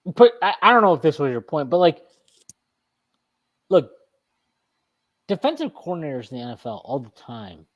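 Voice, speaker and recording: A man hosting a postgame sports talk show, ranting emphatically and profanely, often restarting and repeating his phrases. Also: medium pitch. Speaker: sports podcast host.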